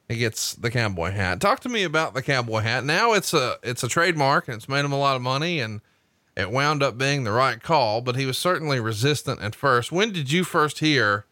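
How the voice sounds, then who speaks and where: A man's voice: medium pitch, expressive, pushed and bright, no echo, clean studio sound. A man with a Southern American accent hosting a podcast, retelling a story and asking his guest questions. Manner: punchy ad-read delivery, spells out web address slowly. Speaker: podcast host.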